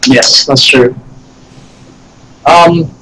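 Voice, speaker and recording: A man with an American accent playing a tabletop game, asking halting questions full of fillers. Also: mid-range voice, pushed and bright, a little hiss or hum, poor audio. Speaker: player.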